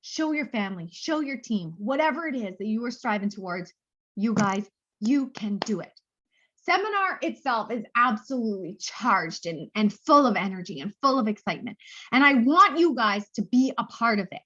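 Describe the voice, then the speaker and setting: Woman, high-ish voice, gushing motivational speaker, lo-fi dull recording. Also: lively intonation, moderate pace, bright, forceful tone. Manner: bubbly, gushing, repeats phrases for emphasis. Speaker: sales director giving a motivational talk. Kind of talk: motivational pep talk.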